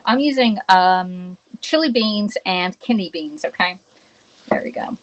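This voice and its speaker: A woman with a lowish voice and lively intonation speaks unhurriedly while hosting a cooking livestream from her home kitchen. She greets viewers, reads their comments aloud and checks in with "okay?" as she goes. The audio sounds dull.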